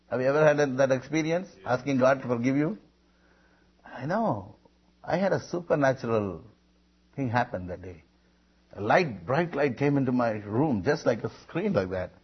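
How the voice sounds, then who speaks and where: A preacher man tells his testimony with a lively, swooping delivery. His voice is husky and sits a little high. The recording is dull and lo-fi. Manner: animated storytelling with calls to the congregation. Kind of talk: sermon testimony.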